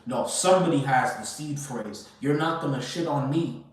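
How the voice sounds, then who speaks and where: A man's voice: mid-range voice, moderate pace, far from the mic. A man ranting casually and emphatically, swearing often and repeating himself as he rambles. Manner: profane, emphatic, repetitive, rambling. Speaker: crypto commentator. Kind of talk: casual rant. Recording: echoey room, away from the mic.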